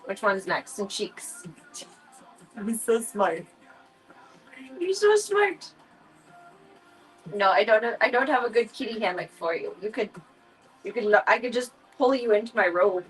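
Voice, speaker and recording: A woman streams casually from her home, talking in a playful, cooing baby voice to her cats. Her pitch sits in an ordinary middle range. Faint music plays softly underneath. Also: low-quality recording. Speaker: livestreamer. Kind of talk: casual livestream chat.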